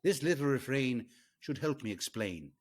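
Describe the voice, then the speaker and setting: Jolly irish accent, lilting sing-song recital, lively pitch, as a man puts it on. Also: normal speed, lightly acted. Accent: put-on Irish.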